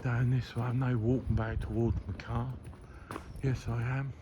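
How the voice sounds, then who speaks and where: Walking outdoors beside a river and through streets, a Norwich man in his fifties vlogs in a flat, mid-range voice at normal speed. Speaking with a Norfolk accent, he mumbles and wanders through his memories, with background noise captured by his phone.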